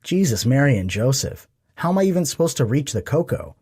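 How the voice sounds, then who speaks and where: A man's voice: sits low, expressive, moderate pace, breathy edge, dry recording, clean studio sound, exaggerated voice. A man voicing a sleepy, playful adult man in an audiobook romance, with drowsy, amused exclamations. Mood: exasperated.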